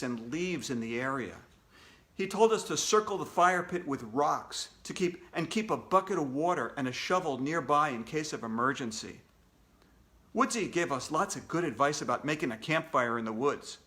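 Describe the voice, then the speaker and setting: Man, children's author, storybook read-aloud, playful, jokey, bright voice. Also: fairly high pitch. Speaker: children's author reading his book aloud.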